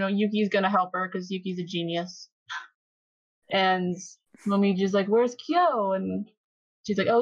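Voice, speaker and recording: A woman on a podcast, casually recapping episodes and acting out the characters' lines in an animated way. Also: mid-range voice, no room sound, dull audio. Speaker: podcast co-host.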